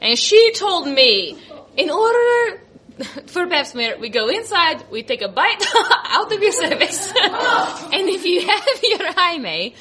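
A woman's voice: very high voice, sing-song, slow, pushed and bright. A young woman telling a comic story to a live audience, giggling and exasperated, peppering it with "like". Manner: giggly, exasperated, quoting with many likes. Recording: live stage recording with audience laughter. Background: laughing audience.

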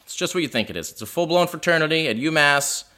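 A man telling a personal story live in a living room, wry and mocking himself. His voice is bright and carrying, and his pitch swings widely from line to line. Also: fast talker. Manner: self-deprecating, animated, wry. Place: living room house show.

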